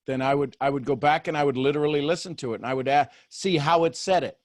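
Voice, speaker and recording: A man's voice: on the high side, fast, dry recording, clean studio sound. A man hosting a coaching call, talking animatedly and acting out inner voices as he guides participants. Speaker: host and coach.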